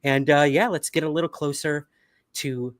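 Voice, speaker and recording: A man's voice: on the high side, steady tone, moderate pace, no echo, studio quality. Upbeat, chatty podcast host, a man. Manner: upbeat, chatty, many fillers. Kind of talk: casual livestream chat.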